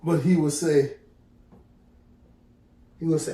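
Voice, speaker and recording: A middle-aged man vlogger tells profane stories to camera, animated and casual, acting out the quotes for his viewers. His voice is fairly high and slow, picked up by a distant mic in an echoey room with him off-mic.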